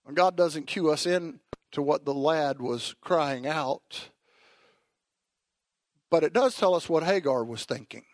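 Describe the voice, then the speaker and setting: Male preacher with a high voice, goes from soft asides to shouting, dry close sound. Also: no room sound. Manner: emphatic, swinging from quiet asides to shouted declarations. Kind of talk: sermon.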